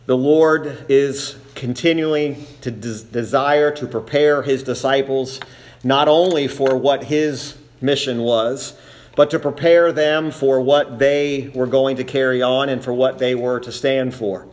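A man preaching a sermon as pastor, speaking in a measured, deliberate way and slowing down to stress key words. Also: mid-range voice, steady tone, a little mellow.

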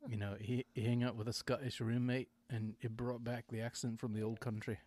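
A man's voice: mid-range voice, level tone, a little fast, a little mellow. A man hosting a podcast in casual chat, rambling and digressing, often correcting himself mid-sentence. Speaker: podcast host.

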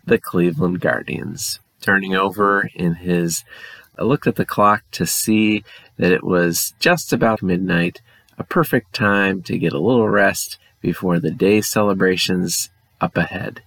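Male podcast host, wry comic storyteller, low voice, dry close sound. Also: a bit bright, dry recording, low-quality recording. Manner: wry, quick narration.

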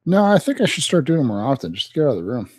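Male co-host, average pitch, offhand deadpan delivery, dry mic. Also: rapid-fire, slightly rough, dry recording. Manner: laid-back, deadpan, offhand. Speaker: podcast co-host. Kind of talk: casual podcast chat.

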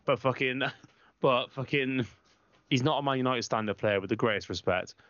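Brief: bloke, mid-pitch, foul-mouthed football rant, dry muffled lo-fi recording. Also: male voice, moderate pace, a bit bright, no room sound. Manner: ranting, swears constantly, blunt. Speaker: podcast co-host, football fan. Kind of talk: heated casual chat. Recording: dry, slightly muffled lo-fi sound.

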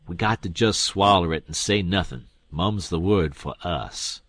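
A man voicing a blustering, snappish old male con man in an audiobook, loud and scolding. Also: low voice, unhurried. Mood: angry. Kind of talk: audiobook character voice.

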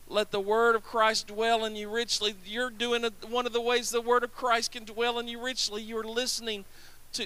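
A man's voice: extremely high pitch, bright, forceful tone, clear, resonant tone, no room sound. A man preaching a sermon, calling for responses from the congregation and repeating his phrases as he builds. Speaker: pastor.

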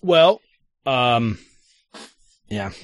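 A man's voice: mid-range voice, sing-song, very slow, dry recording. Middle-aged man, rambling storyteller, many restarts, dry close sound. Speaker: youth soccer coach and podcast co-host. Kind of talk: casual chat.

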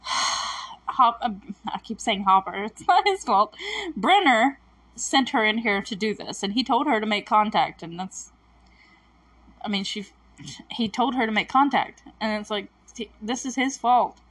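A woman's voice: medium pitch, a little slow, pauses often, fairly bright tone. A woman recapping a TV episode in a chatty, emotional way, with lots of fillers and self-corrections. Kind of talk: casual recap commentary.

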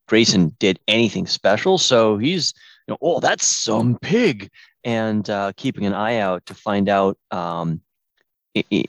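A man playing a tabletop game, talking haltingly with many fillers, sometimes wryly in character. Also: deep voice, no echo. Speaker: player. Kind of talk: tabletop role-play.

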